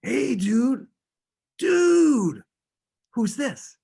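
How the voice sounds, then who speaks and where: A man voicing a dopey young metal guitar dude with a Boston accent, loud, goofy and drawling. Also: very high-pitched, big pitch swings, drawn-out words, vocal fry, slightly rough, pitched above the performer's own voice, exaggerated voice. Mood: goofy, excited. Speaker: guest.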